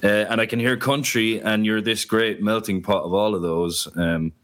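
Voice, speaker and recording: Man as a friendly interviewer, low voice, agreeable and supportive, casual chat. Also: steady tone, moderate pace, fairly bright tone. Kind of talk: casual conversation.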